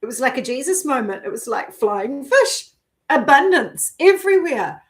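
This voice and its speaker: A middle-aged woman vlogging, telling a personal story in a casual, animated way, giggling and swearing now and then as she acts out her own thoughts. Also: high-pitched, normal speed.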